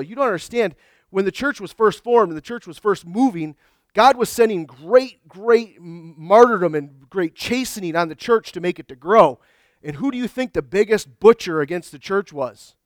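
A man's voice: high voice, no room sound, studio quality. A man preaching a sermon as pastor, earnest and emphatic, with frequent restarts. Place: church sanctuary.

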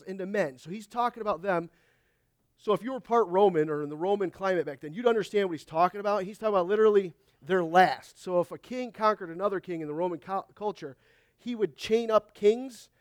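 A man's voice: high voice, darkish tone, no echo, clean studio sound. A man, a pastor, preaching a conversational sermon at a church service, reading scripture aloud and often asking the congregation "Amen?". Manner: reads scripture aloud in old biblical wording.

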